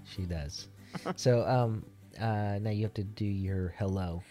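A man's voice: on the low side, slow pace, warm tone, faint music behind. A man co-hosting a casual faith podcast, wry and fond of explaining with wordplay. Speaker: podcast co-host. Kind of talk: casual chat.

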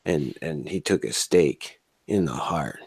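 A man's voice: rumbling low, takes it slowly, slightly rough, no room sound. A man co-hosting a podcast in casual banter, drawling and tacking "man" and "dude" onto his lines. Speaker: podcast co-host.

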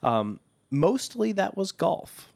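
A man's voice: high-pitched, big pitch swings, slow pace, vocal fry, darkish tone, dry recording. A man co-hosting a podcast, speaking in a reflective, hesitant way with many restarts. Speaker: podcast co-host. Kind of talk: casual chat.

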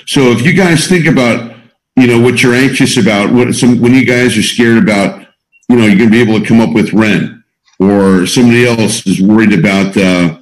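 A man leads a small group of students through a teaching talk, pressing hard on his main points and repeating them. His voice sits at an ordinary middle pitch. The room around him gives it a noticeable echo. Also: normal speed. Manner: emphatic, repeats key points. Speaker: coach guiding a group of students. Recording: roomy echo.

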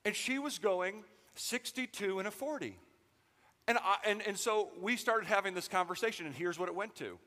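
Lively male pastor, high voice, big church reverb, jokey sermon delivery. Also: moderate pace. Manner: animated, joking storytelling.

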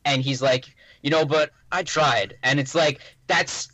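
A man's voice: on the high side, steady tone, measured pace, pushed and bright, no echo, low-quality recording. A man chatting about video games who tells stories emotionally, full of fillers. The recording is dry, with no room sound on his voice. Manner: emotional, filler-heavy storytelling. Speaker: podcast co-host.

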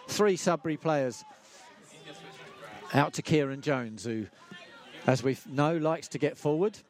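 A man with a slightly high voice calls a club football match live and outdoors. He talks to his co-commentator in a relaxed, chatty way. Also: unhurried, a faint crowd.

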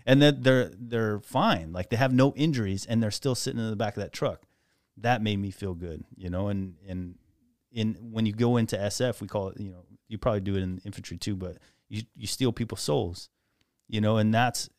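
Low-voiced man, laid-back veteran talk. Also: a little fast, a little mellow, no echo, studio quality. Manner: laid-back, reflective, swears casually. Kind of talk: casual podcast conversation.

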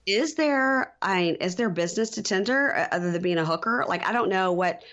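A woman's voice: medium pitch, animated, brisk, a bit bright, highs cut off. A middle-aged woman co-hosting a casual podcast recap, rambling with many fillers and losing her place. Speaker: podcast co-host.

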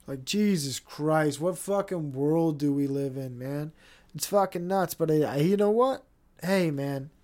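A podcast host in their thirties on a casual solo rant, rambling and swearing often with many restarts. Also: mid-range voice.

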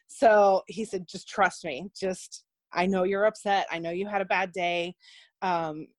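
Woman nurse telling a lively story. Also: fairly low pitch, measured pace, dry recording. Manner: animated, acts out quoted voices. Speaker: guest. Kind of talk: casual storytelling.

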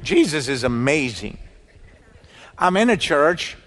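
A man preaching a sermon, telling stories with lively quoted dialogue. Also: on the high side, takes it slowly. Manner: animated storytelling, quoting people in dialogue. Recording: reverberant hall.

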